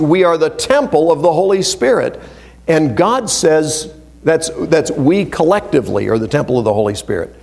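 A man preaching a sermon in a fairly high voice whose pitch leaps and dips all the time. He reads scripture with emphasis and drops into hushed, low asides between stressed phrases. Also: vocal fry. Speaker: pastor.

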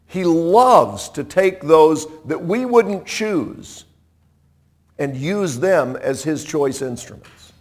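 Slow, animated male preacher. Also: on the high side. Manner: animated, conversational, dramatic shifts in loudness. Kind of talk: sermon storytelling.

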